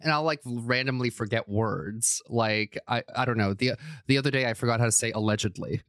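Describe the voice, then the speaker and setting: A woman's voice: a bass voice, a little fast. A talkative woman co-hosting a casual podcast. She grew up in the United States, laughs easily and slips into voices to act out what people said. The sound is dry, close and without room echo. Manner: chatty, laughs often, acts out quotes. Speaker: podcast co-host. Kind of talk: casual chat. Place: apartment.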